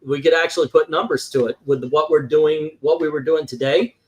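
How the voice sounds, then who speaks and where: Casual co-host, male, higher-pitched, animated and loose-mouthed. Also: a little fast, dull audio. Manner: animated, swears casually, reads movie quotes aloud. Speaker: podcast co-host. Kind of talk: casual chat about classic films.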